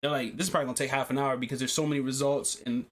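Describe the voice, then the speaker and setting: A man's voice: mid-range voice, level tone, rapid-fire. A man hosting a casual podcast, telling a story with lots of swearing and laughing as he goes. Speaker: podcast host.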